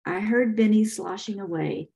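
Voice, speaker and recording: An older woman from Texas, an author reading her own novel aloud in measured, first-person audiobook narration. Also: mid-range voice, creaky, dark tone.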